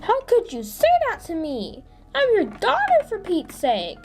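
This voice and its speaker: A woman's voice: a little slow, noisy background, full character voice. A woman voicing a young female vampire princess in a toy figure drama, whiny and exclaiming. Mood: indignant. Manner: whiny, exclaiming, high and lively.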